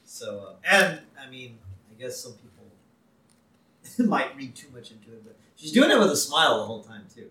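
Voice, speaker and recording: A laid-back man chats on a podcast about a cartoon episode, agreeable and quick to laugh. His voice sits at a middle pitch. The recording carries a roomy echo. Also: sing-song, pushed and bright. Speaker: podcast co-host. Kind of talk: casual chat recapping a cartoon episode.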